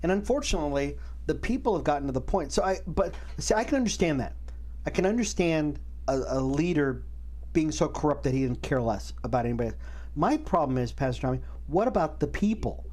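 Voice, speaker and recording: A man co-hosting a faith and culture show speaks in a slightly high voice. He chats casually, acting out other people's words and often restarting his sentences. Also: fairly quick. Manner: animated, acts out quotes, many restarts. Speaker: co-host. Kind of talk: casual chat about faith and current events.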